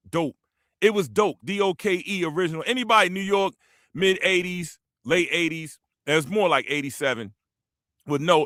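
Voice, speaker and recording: High, bright-voiced animated storyteller man. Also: no room sound, clean studio sound. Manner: animated storyteller, slang-heavy, acts out quotes. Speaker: panel host. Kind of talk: casual podcast panel chat.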